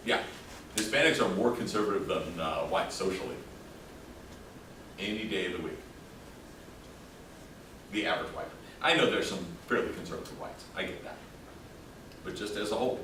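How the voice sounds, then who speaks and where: A man's voice: sits low, lively intonation, moderate pace, pauses often, recorded from a distance, background noise. A man lecturing a class in a casual, joking way, throwing questions out to the students. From El Paso, Texas. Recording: echoey classroom taped from afar.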